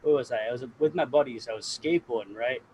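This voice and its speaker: East coast dude swearing his way through a story, middle pitch, faint hiss behind. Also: quick pace, darkish tone, poor audio. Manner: swears often, tells stories animatedly. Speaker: guest grower. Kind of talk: casual podcast chat.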